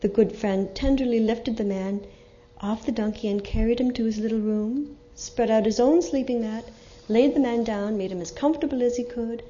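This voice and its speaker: Expressive woman reading a story, lo-fi. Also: on the high side, normal speed. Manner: expressive, dramatic. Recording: muffled lo-fi recording.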